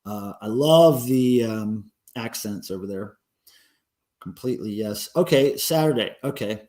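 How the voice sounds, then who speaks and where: A man's voice: on the low side, expressive, unhurried, warm tone. A man hosting a casual livestream, rambling and answering viewer comments with lots of ums and uhs. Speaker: livestream host.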